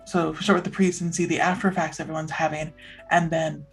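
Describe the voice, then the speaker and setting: Woman player, husky tone, thinking out loud, faint music. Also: low-pitched, little pitch movement, quick pace. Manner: thoughtful, reasoning aloud. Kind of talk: tabletop play.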